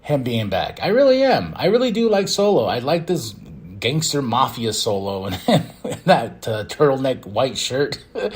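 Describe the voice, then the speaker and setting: A young man talks casually through a wrestling recap on his podcast. His pitch swings widely as he jumps into quick acted-out lines, loud and high, then drops back to a low, relaxed chat. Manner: excitable, acts out quotes in bursts. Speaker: podcast host.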